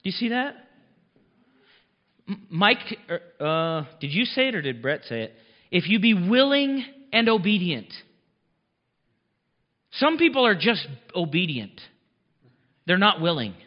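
A man's voice: high-pitched, very animated, a little slow, long pauses. A pastor preaching a sermon in a conversational, emphatic way, chuckling at his own lines. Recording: long reverb, dull muffled sound.

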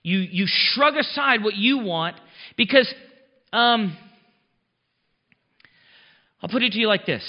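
A man's voice: high voice, lively intonation, slow pace, pauses often. A pastor preaching a sermon in a conversational, emphatic way, chuckling at his own lines. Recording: long reverb, dull muffled sound.

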